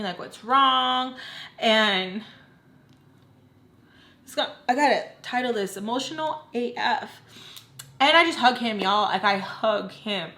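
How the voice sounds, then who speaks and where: A woman's voice: mid-range voice, pushed and bright. A young adult woman vlogger telling a personal story in a candid, emotional way, with lots of "like". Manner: candid, heavy use of "like". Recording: roomy echo.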